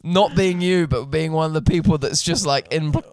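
A man hosting a casual podcast chat, reacting with quick jokes and short quips. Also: a little high, darkish tone, no echo. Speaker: podcast host.

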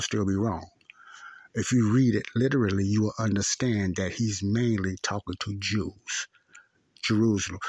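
A man's voice: on the low side, breathy edge, no room sound. A man teaching a Bible study, earnest and repetitive, often asking "See?" to check understanding. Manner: earnest, repeats phrases, asks "See?".

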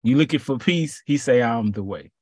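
Husky man preaching in casual slang. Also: mid-range voice, lively intonation, a little fast, a little mellow, dry recording, studio quality. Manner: conversational, slangy, repeats phrases. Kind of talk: casual sermon.

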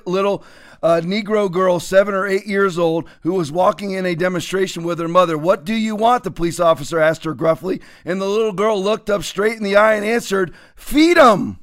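Mocking high-voiced male commentary host. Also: steady tone, a little fast. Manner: mocking, sarcastic, laughs often. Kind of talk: political commentary show.

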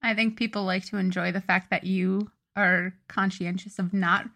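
A woman's voice: mid-range voice, steady tone, moderate pace, bright, forceful tone. A young woman co-hosting a podcast in casual chat, rambling and correcting herself as she recalls events. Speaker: podcast co-host.

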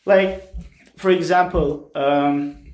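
A young man from Turkey telling stories as a podcast guest in casual chat, animated and ending lines with a questioning "right?". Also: on the high side, drawn-out words. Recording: echoey room.

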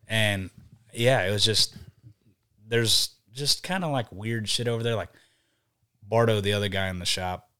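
Young male podcast guest, low-ish voice, loose profane anecdotes told with energy. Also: a little slow, pauses often, smooth. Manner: profane, animated storytelling. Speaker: podcast guest, band vocalist. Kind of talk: casual podcast chat.

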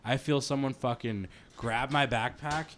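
A young man co-hosting a casual podcast, cracking quick jokes and telling long stories. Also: mid-range voice, steady tone, a bit bright. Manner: jokey quips, long, detailed anecdotes. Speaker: podcast co-host. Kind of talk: casual storytelling chat.

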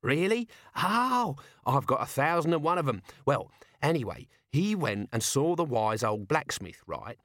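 A man's voice: medium pitch, sing-song, unhurried, few pauses, a bit bright, dry recording, studio quality, pitched above the performer's own voice. A man voicing a cheeky soldier disguised as a woman, telling stories in a brash, chatty way. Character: Corporal Nobbs disguised as woman Betty, cheeky.

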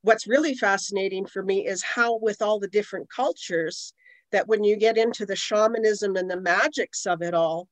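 A middle-aged Canadian woman, an aromatherapist appearing as a guest on an interview podcast, tells long, rambling stories full of asides and frequent "you know"s in a conversational way. Her voice is mid-range and her pace moderate. The audio is poor, though there's no echo.

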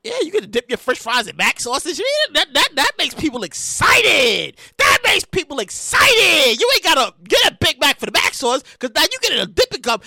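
Loud, high-voiced ranting woman podcast host. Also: a little fast, gravelly, hardly any pauses, no echo, studio quality. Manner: loud, animated, profane ranting with frequent shouting. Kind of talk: comedic current-events rant.

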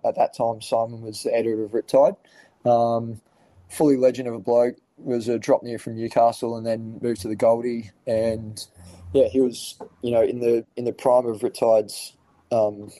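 A man's voice: mid-range voice, warm tone, no echo, low-quality recording. An Australian man, a podcast guest, telling a story casually with lots of fillers and swearing. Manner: laid-back, swears freely, lots of fillers.

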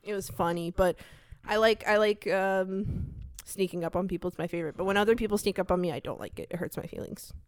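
Rambly giggly woman on a podcast, middle pitch, dead dry mic. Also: fast, clean tone, no room sound. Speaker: podcast co-host. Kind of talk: casual chat.

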